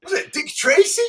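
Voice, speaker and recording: A man co-hosting a podcast, telling an animated story in casual chat and acting out the quotes. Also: very high voice, slight background noise. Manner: animated, acts out quotes with big swings. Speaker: podcast co-host.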